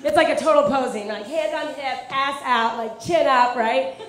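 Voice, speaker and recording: A woman's voice: sits high, moderate pace. A young woman performing a stand-up set in a comedy club, talking in a chatty way full of "like" and laughing at her own jokes. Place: comedy club with live audience. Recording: echoey club with crowd. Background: audience laughter.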